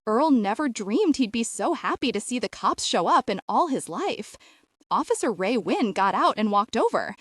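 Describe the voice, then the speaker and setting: A woman narrating a fiction audiobook with expressive storytelling. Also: fairly high pitch, moderate pace, breathy edge, dry recording, clean studio sound.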